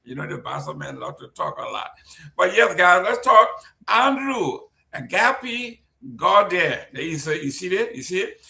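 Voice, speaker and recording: A man with a high, gravelly voice hosts a live-streamed talk show, chatty and full of jokes. His tone is bright and forceful. He was recorded in a roomy studio with a clear echo. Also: very animated, unhurried. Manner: chatty, joking, reads out shout-outs. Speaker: host.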